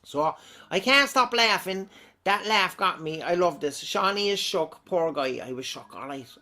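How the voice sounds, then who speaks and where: Irish male comic vlogger reading comments, bright, animated delivery that rambles and laughs a lot. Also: sits high, a little slow, faint music behind. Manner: rambling, chatty, laughs often. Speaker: comedic vlogger.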